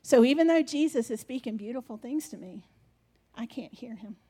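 Lady preacher, high voice, playful and animated, bossing the skit along. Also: normal speed, breathy edge. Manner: animated, playful, directs the congregation. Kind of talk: sermon with a live skit.

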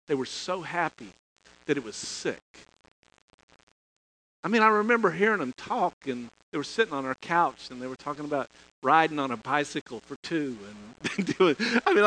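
Man, middle-aged pastor, folksy sermon storyteller, slightly high, bright tone, faint background noise. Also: low-quality recording. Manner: folksy, chuckling, restarts phrases.

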